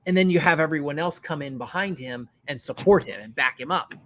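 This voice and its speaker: Chatty man with a higher voice. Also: brisk. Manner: rambling, animated, swears casually. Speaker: streamer. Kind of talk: casual chat.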